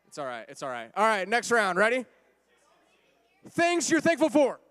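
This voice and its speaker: A man hosting a party game for a church youth group, playful and teasing, now and then shouting over the room. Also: high-pitched, huge pitch swings, normal speed, a faint crowd.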